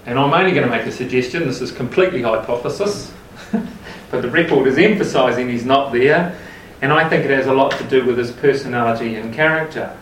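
A man's voice: medium pitch, fairly quick, fairly bright tone, a little hiss or hum. A man leading a group Bible study, talking casually and asking the group questions. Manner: conversational, asks the group questions. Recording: roomy, mic at a distance.

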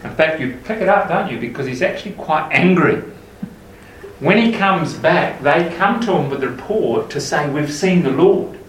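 Slightly high-voiced and expressive, a man moves at a moderate pace while running a group Bible study, chatting easily and questioning the group. A little hiss or hum is audible, and the distant mic gives a roomy sound.

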